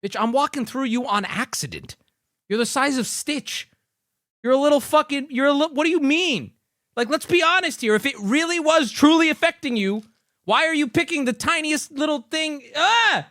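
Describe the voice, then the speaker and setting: Brief: male streamer, incredulous ranting, lively pitch, dry close sound. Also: moderate pace, no room sound. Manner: incredulous ranting, swings up loud. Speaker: streamer reacting to clips. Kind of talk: profane reaction commentary.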